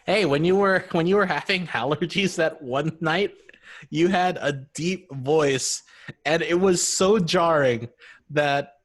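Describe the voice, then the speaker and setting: A man hosting a relaxed podcast chat, talking at an unhurried, drawn-out pace. He jokes about himself easily and keeps the conversation loose. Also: on the high side. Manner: joking, self-deprecating, quick laughs. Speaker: podcast host and dungeon master.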